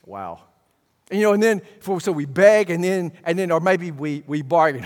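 Pastor preaching in a reverberant church. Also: male voice, animated, moderate pace. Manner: conversational preacher, swings from low asides to loud bursts. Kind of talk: sermon.

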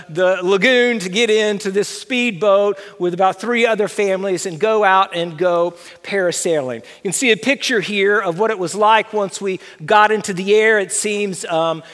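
Middle-aged guy telling a funny story in a big hall, high bright voice, long echo. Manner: animated, self-deprecating storyteller. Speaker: speaker telling a personal story. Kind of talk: storytelling talk with slides.

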